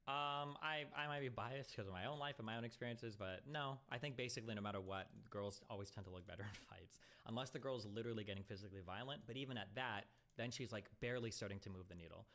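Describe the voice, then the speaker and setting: A man's voice: lowish voice, quick pace, hardly any pauses, fairly bright tone. A man hosting a casual live-stream debate, talking bluntly with lots of swearing and rambling asides. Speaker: streamer host.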